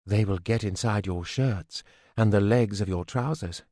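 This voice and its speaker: A man voicing a fierce young mother beekeeper who makes slow, low, menacing threats in an audiobook. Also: lively intonation, no echo, studio quality.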